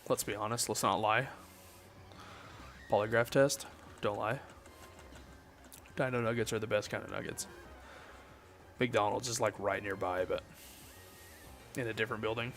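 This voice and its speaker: A man's voice: lowish voice, moderate pace, pauses often, faint music behind. Laid-back Southern US man streaming late at night. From Southern United States. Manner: relaxed, joking, chatting with viewers. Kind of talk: casual late-night game stream chat.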